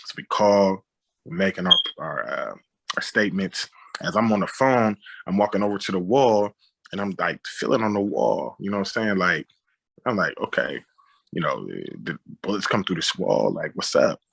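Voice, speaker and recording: As an interview guest, a director and writer retells a story conversationally and with energy, voicing gunshots and quoting what people said. His low, husky voice has a bright, forceful edge, and he speaks at a normal speed.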